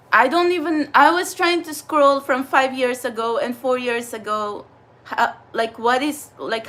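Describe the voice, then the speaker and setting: A woman with a high, bright voice chats away in a casual vlog. She rambles with lots of fillers and restarts, and she laughs easily as she talks. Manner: chatty, animated, frequent laughs and fillers. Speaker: vlogger and spiritual channeler. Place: New York City area.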